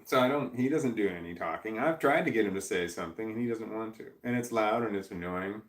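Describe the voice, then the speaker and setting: A middle-aged Missouri man with a lowish voice talks fast on a live stream, reading out viewer comments. He rambles in a droning, self-deprecating way, restarting often, and the room sounds echoey.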